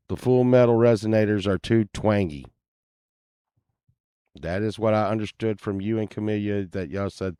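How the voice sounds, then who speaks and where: A man's voice: low-pitched, expressive, normal speed, mellow, dry recording, clean studio sound. A man chatting casually to viewers while browsing listings, laid-back and mumbling, with muttered asides and cursing.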